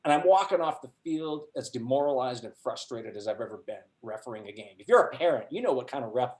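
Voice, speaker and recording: A middle-aged man presenting a workshop, telling a personal anecdote to a group with animated delivery and frequent laughs. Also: mid-range voice, fast. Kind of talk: storytelling talk to a group. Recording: roomy echo.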